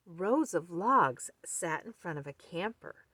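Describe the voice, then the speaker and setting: A woman reading a children's picture book aloud, slow and expressive. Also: fairly low pitch, no echo. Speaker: storyteller.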